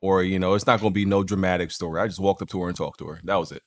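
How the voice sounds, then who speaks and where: A man's voice: low voice, steady tone, racing. A young man hosting a casual gaming podcast, telling stories with lots of slang and repeated words. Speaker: podcast host.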